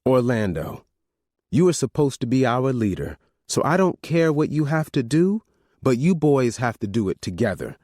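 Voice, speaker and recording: A man reading an audiobook, voicing an older mother who calmly and firmly lays down the law to her grown children. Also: mid-range voice, normal speed, no echo, studio quality, pitched above the performer's own voice. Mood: firm, commanding. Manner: firm, commanding, calm. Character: stern family matriarch, older woman.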